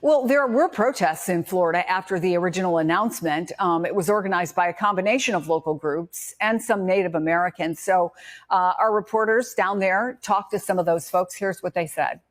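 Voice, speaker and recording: News anchor, female, lowish voice, brisk delivery, clip played on a commentary show. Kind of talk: news interview.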